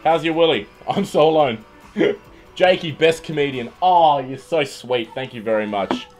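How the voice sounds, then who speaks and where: A man's voice: a little high, normal speed. An Australian man hosting a livestream, chatting casually and joking as he greets viewers by name at his computer. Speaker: livestream host. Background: music playing.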